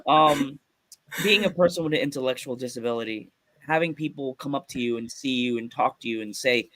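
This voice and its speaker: A man from Pennsylvania hosting a casual podcast, telling stories with lots of excitement and frequent laughter. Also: mid-range voice, brisk, no room sound. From Pennsylvania, USA. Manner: excited storytelling, laughs often. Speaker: podcast host.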